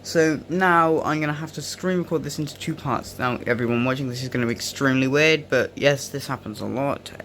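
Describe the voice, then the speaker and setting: A young man who creates gaming videos talks over racing footage in a relaxed, rambling style, often veering off topic. He speaks fairly quickly at a medium pitch, barely pausing, in a fairly bright tone with a slight hiss or hum.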